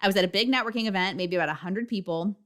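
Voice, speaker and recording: A woman's voice: medium pitch, rapid-fire, a bit bright. Mom in her 30s doing a solo podcast, blunt and sweary, emphatic. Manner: frank and profane, emphatic. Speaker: podcast host. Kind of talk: candid solo podcast talk.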